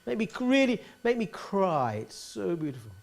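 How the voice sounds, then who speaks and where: A male voice teacher coaches a young singer in front of a room of other teachers. His pitch swings widely as he encourages, demonstrates nasal sounds, and pushes for more expression. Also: very animated, moderate pace, vocal fry. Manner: coaxing, demonstrative, sings nasal vocal examples. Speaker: singing teacher. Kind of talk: masterclass coaching. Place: teaching hall at a singing school.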